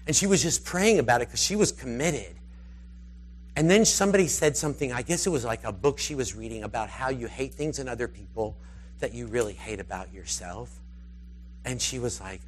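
A man preaching, telling a rambling, animated story and slipping into the voices of its characters. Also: mid-range voice, fairly quick, slight background noise. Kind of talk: storytelling sermon.

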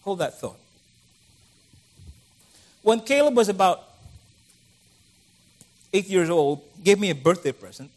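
A man's voice: sits high, animated, takes it slowly, long pauses. A middle-aged man preaching a conversational sermon, acting out the voices of the people he quotes.

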